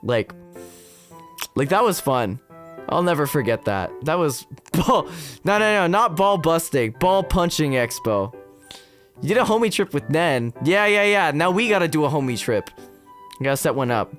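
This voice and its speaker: Animated young man rambling on stream. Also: a little high, moderate pace, faint music behind. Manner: rambling, full of fillers, animated storytelling. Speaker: VTuber streamer. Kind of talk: casual chat stream.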